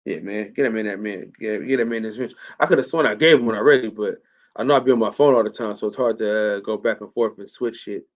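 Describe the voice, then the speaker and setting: A man's voice: fairly low pitch, fast. A man hosting a live stream in casual chat, loose and profane, repeating himself often. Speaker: host. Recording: muffled lo-fi stream audio.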